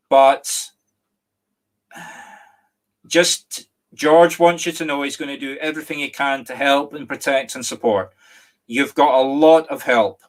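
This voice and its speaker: A middle-aged Scottish man, a medium giving a live reading online, speaking gently and apologetically with many restarts and a catch of emotion. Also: medium pitch. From Scotland. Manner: emotional, near tears at times. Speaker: psychic medium.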